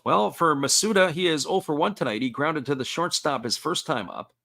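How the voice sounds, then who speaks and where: A man giving live baseball play-by-play commentary, folksy and steady, reading out chat messages between pitches. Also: a little fast, creaky.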